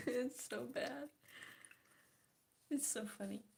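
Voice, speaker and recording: A woman's voice: a little high, extremely slow, gravelly, a little hiss or hum. A young woman chatting casually and giggling while she paints, trailing off into murmured, half-whispered asides. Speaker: art vlogger.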